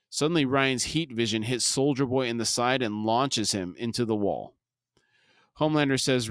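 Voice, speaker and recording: A man's voice: medium pitch, moderate pace, clean tone, no room sound, clean studio sound. Man steadily narrating a TV recap. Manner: steady narration with brief comments. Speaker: podcast co-host. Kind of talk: scene-by-scene recap reading.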